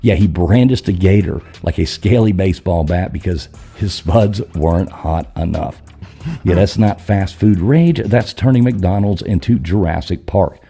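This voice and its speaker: A man hosting a podcast, running through the news with crude, irreverent jokes and quick asides. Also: deep voice, gravelly, mellow, slightly rough. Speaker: podcast host. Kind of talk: crude comedic news rundown.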